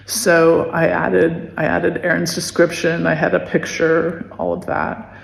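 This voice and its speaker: A woman in her fifties recalling a painful memory in a soft, emotional way, halting with many restarts and pauses. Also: fairly low pitch, monotone, vocal fry. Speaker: podcast host telling her story. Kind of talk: personal recollection. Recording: echoey room with long reverb.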